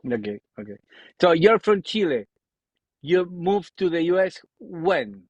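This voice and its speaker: A man's voice: high-pitched, big pitch swings, a little slow, a little mellow, no echo, highs cut off. A man with an Argentine accent, speaking English as a second language, hosting a casual podcast interview and often restarting his sentences as he searches for words. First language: Spanish. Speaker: podcast host.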